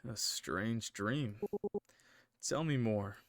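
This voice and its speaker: A man voicing a smooth, mysterious young male neighbor who speaks slowly and softly. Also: fairly low pitch, no echo. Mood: calm. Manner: slow, soft, suggestive.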